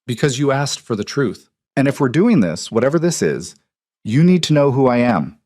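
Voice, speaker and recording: A man voicing a dangerous, guarded young mafia boss with a low, restrained, confessional delivery. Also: very animated, normal speed, darkish tone, no echo, clean studio sound.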